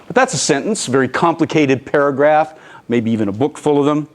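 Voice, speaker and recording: A man giving a conference presentation in an animated, storytelling manner, often slipping into the voices of the people he quotes. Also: fairly high pitch, fairly quick. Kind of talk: lecture presentation.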